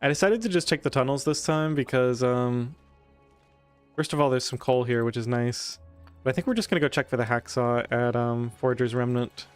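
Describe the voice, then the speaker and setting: A man's voice: medium pitch, fairly quick, clear, resonant tone, soft background music. A man streaming a game, chatting casually and thinking aloud with fillers. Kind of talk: casual chat while gaming.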